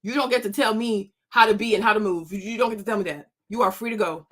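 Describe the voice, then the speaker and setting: A woman's voice: mid-range voice, quick pace, a bit bright. Sassy woman ranting at her audience. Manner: sassy, mocking, scolding with frequent laughs. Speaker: commentary channel host. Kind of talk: unscripted commentary rant.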